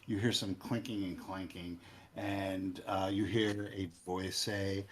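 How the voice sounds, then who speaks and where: A man narrating a tabletop game as game master, with a halting, relaxed delivery. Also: low voice.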